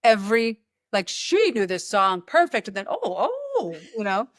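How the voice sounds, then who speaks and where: A woman's voice: mid-range voice, lively intonation, normal speed, no echo, clean studio sound. A woman hosting a podcast, telling rambling, joking stories in casual chat. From United States. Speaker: podcast host.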